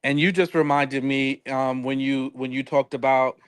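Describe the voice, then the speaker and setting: A man's voice: medium pitch, steady tone, normal speed, clear, resonant tone. A man co-hosting a podcast, chatting casually about a reality show, rambling and searching for words with many fillers. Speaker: podcast co-host.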